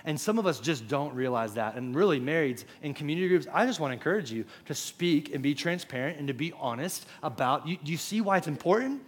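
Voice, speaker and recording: Young pastor preaching. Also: male voice, a little high, expressive, breathy edge. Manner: conversational preaching, quick asides to the congregation. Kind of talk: sermon. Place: church auditorium.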